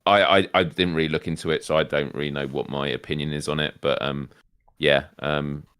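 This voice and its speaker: A man's voice: very deep voice, flat delivery, a little fast, a bit bright, clear, resonant tone, no echo, clean studio sound. A man co-hosting a casual gaming livestream, easygoing and playful, often trailing off mid-sentence. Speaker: co-host.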